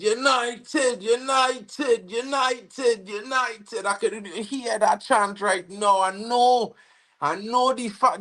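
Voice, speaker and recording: A young Trinidadian man hosting a football watch-along livestream, slangy and excitable, bursting into shouts when his team scores. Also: sits high. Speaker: football fan livestream host. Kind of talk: live match watch-along commentary.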